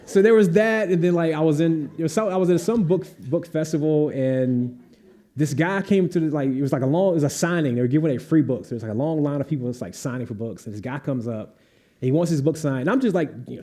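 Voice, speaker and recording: A young man spins a comic anecdote at a live author panel, jumping into the voices of everyone in the story. His voice sits a little high but stays warm and mellow, and he laughs easily along the way. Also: fast talker. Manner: animated storyteller, acts out voices, laughs often. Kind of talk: anecdote telling at a live event.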